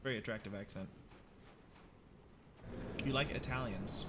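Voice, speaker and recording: A young American man chatting casually with viewers while he plays, jokey and animated, now and then shouting at the game. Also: mid-range voice, brisk, background noise. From United States. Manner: jokey, animated, reads chat aloud, bursts into shouts at the game. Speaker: livestreamer. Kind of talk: casual gameplay chat with viewers.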